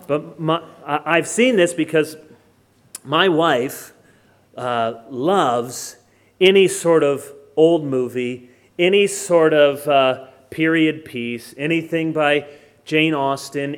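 An American man delivering a sermon in a fairly high voice for a man. He leans on key words by slowing right down, then picks the pace back up for wry, joking asides to the congregation. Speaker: pastor. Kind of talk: expository sermon.

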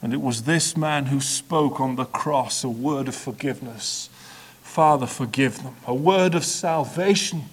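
A man preaching a sermon in a measured, repetitive build-up, swinging dramatically between hushed and loud delivery. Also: medium pitch, husky.

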